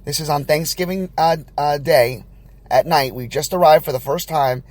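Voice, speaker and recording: A man with a somewhat high voice tells a story on a casual podcast. He talks loosely, full of "um," "uh" and restarts, and acts out what the people in his story said. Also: normal speed, darkish tone, no room sound. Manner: chatty, rambling storyteller with many fillers and restarts. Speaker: podcast host and new father.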